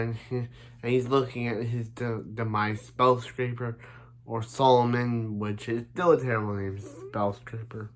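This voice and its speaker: Male reviewer, slow unhurried delivery, rambling casual recap full of restarts. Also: mid-range voice. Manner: rambling, many restarts and "so yeah" fillers. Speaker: anime reviewer.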